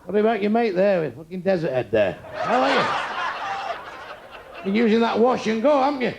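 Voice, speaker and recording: A man's voice: high-pitched, expressive, brisk, creaky. A man in his sixties doing crude live stand-up, brashly teasing people in the audience. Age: 60s. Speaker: stand-up comedian. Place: comedy club stage before a live audience. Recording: noisy live room with crowd laughter.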